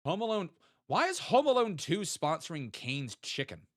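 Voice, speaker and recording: A man's voice: sits high, sing-song, moderate pace, no room sound, studio quality. A young man, chatting casually with viewers while playing a geography game and thinking aloud. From American South. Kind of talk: casual live-stream chat.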